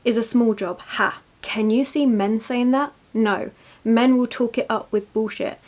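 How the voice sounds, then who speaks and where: A woman's voice: medium pitch, darkish tone, close to an everyday voice. Woman reading as a blunt, scolding old lady. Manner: blunt, scolding, clipped broken phrasing. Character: stern, strong-willed elderly woman scolding.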